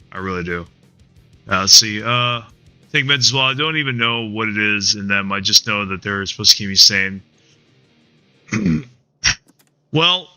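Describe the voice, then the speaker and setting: Playing a game on a live stream, this man talks in a sharp, clean, medium-pitched voice with no room sound. He rambles, swears, and sounds frustrated, often restarting sentences and ending them with "man" or "dude."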